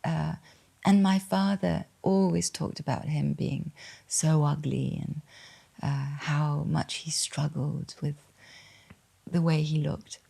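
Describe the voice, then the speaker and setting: A French woman in her fifties speaks English with a refined, posh English accent. Her voice sits very low and carries a gravelly fry. She talks slowly and softly, with hesitant pauses. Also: fairly even intonation. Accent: posh English with slight French. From France. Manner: soft, hesitant, many pauses. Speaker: guest. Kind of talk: reflective interview answers.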